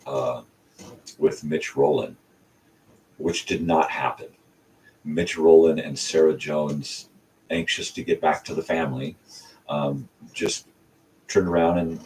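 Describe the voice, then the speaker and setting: A man's voice: a bass voice, warm tone. An older man hosting his own channel, telling a casual, rambling story full of ums and restarts. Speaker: channel host. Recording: distant mic with faint hiss.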